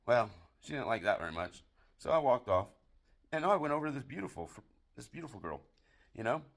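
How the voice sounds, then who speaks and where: Gravelly and mid-range, this American man talks a little fast as he delivers a crude comic monologue of dirty jokes. The cursing comes thick, but he keeps a sober, deadpan face in his voice, barroom joke teller style.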